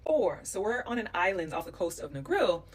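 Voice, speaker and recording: A woman from the United States telling stories to camera, animated and emphatic. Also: medium pitch, fairly quick, slightly rough, recorded from a distance. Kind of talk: storytelling vlog.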